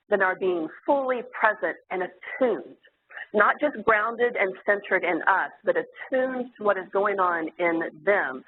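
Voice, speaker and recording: Earnest lecturer over a tinny line. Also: mid-range voice. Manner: earnest and explanatory, with fillers. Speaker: therapist giving a talk to clinicians. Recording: tinny phone-like sound, faint hiss.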